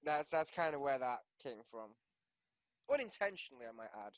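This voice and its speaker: A man's voice: medium pitch, expressive, a little fast, no room sound, highs cut off. A man running a tabletop game, chatting out of game with his players, teasing them, swearing freely and laughing often. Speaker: game master.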